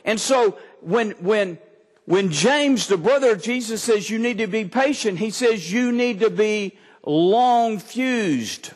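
A man's voice: high-pitched, expressive, takes it slowly, in a large hall. A man from Texas, preaching a sermon, reading scripture and explaining it with humor. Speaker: pastor.

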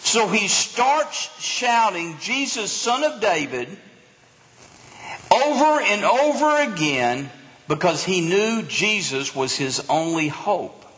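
Animated preacher in a reverberant hall. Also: male voice, high-pitched, takes it slowly. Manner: animated preaching, acts out crowd voices. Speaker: pastor. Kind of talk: sermon.

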